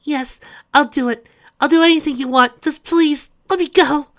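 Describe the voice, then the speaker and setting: A man voicing a terrified kidnapped young girl in a high, breathy falsetto, begging. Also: fairly even intonation, moderate pace, fairly bright tone. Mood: pleading.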